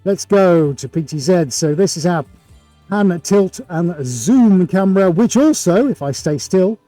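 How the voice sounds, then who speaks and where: Hosting a live painting stream from his home art studio with several cameras, a middle-aged man presents upbeat, chatty and jokey, full of showman energy. His high-pitched voice has a dark tone, lively intonation and a slightly slow pace, with no echo and soft music in the background.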